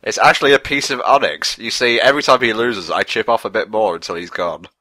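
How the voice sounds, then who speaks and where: A man's voice: lowish voice, fast, bright, forceful tone, dry recording. A man co-hosting a casual watch-along commentary, trading dry, sarcastic quips. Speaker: commentary co-host.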